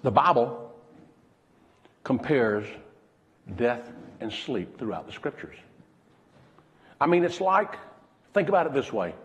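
A man preaching a sermon as pastor, pausing dramatically and dropping to a hush when he quotes someone. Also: mid-range voice, sing-song, big-room sound.

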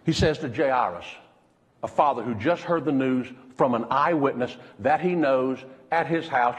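A man preaching a sermon as pastor, pausing dramatically and dropping to a hush when he quotes someone. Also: mid-range voice, in a large hall.

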